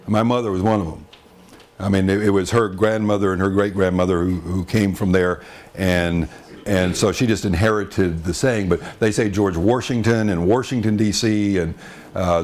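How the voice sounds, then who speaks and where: A man's voice: fairly low pitch, a little mellow. A man from Texas with a Texan accent, telling folksy anecdotes in a wry, good-humored way and chuckling often. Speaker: storyteller.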